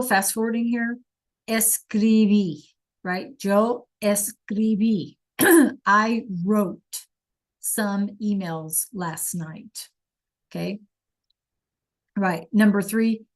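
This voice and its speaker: A woman leads an online language lesson over a video call. She takes her time, and her voice sits at an ordinary middle pitch. She is encouraging and praises her students one by one. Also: slow pace. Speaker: Spanish teacher. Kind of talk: online class teaching.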